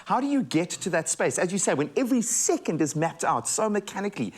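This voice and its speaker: A man's voice: high-pitched, very animated, fast, slightly rough. A man co-hosting an interview, asking questions playfully and laughing along. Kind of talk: press interview.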